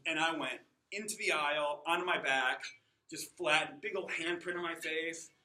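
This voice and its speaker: A man's voice: fairly high pitch, moderate pace, reverberant, heavy background noise. A man in his forties telling comic stories about himself to a classroom, wry and self-mocking. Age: 40s. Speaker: adult student giving a class speech. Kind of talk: comic personal storytelling.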